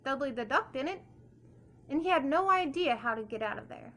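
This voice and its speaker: A woman's voice: sits high, expressive, moderate pace, pushed and bright. A woman reading a children's story aloud, then giving an encouraging message and often checking in with "okay?".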